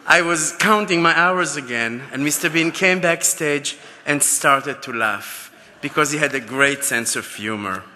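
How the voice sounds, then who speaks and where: A man's voice: on the high side, a little slow, bright, forceful tone, slight background noise. A man giving an acceptance speech at a gala, telling heartfelt stories. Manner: heartfelt, anecdotal storytelling. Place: large gala ballroom. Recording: long hall reverb.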